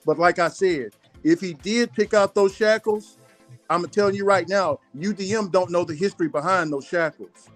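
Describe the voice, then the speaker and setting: A man's voice: high voice, moderate pace, soft background music. A man hosting a casual streamed chat, talking insistently, repeating and restarting himself. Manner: repetitive, stumbling, insistent. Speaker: show host.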